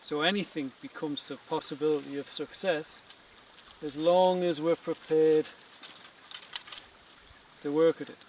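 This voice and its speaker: A man's voice: a little high, steady tone, measured pace, pauses often, a little mellow. A man, an author and archer, giving a reflective outdoor talk about fear of change, speaking in short, spaced phrases. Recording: distant outdoor recording with noise.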